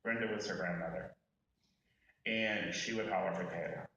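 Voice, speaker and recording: A man's voice: deep voice, moderate pace, bright, forceful tone. A man giving a personal eulogy, telling candid and humorous stories and speaking straight to the mourners at a memorial service. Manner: folksy and candid, addressing the crowd directly. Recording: echoey room from far off.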